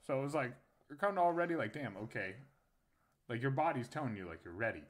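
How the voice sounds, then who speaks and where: A man's voice: mid-range voice, expressive, quick pace. A young man and podcast co-host telling a crude story in casual chat, laughing often.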